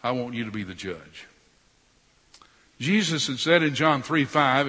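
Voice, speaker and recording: A man preaching a sermon, swinging between loud emphasis and quiet sarcastic asides. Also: mid-range voice, lively intonation, a little slow, pauses often, husky. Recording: long hall reverb.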